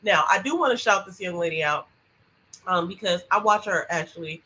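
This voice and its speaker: A woman talks on a podcast in a bright, forward voice. She is expressive and quick to react, chiming in with short interjections. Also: fairly low pitch, poor audio. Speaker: podcast co-host. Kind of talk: casual chat.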